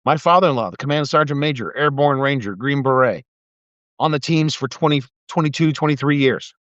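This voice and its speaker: A man's voice: medium pitch, brisk, a bit bright, dry recording. A middle-aged man delivering an angry, profane, sarcastic political rant on a live video. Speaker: live video streamer, former military investigator. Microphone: phone or webcam mic. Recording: dry, slightly muffled live stream audio.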